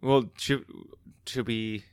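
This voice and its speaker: A man's voice: medium pitch, steady tone, takes it slowly, no room sound, studio quality. A man co-hosting a podcast, chatting casually and cracking jokes. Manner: joking, does rough impressions. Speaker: podcast co-host. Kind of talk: casual chat.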